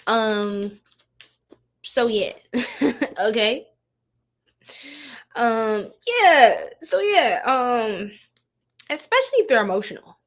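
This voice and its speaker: Young woman tarot streamer, slightly high voice, unhurried, laughs a lot, slangy chat with her viewers. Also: expressive. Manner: giggly, slangy, chatting to viewers. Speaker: tarot reader livestreaming. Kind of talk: casual livestream tarot reading.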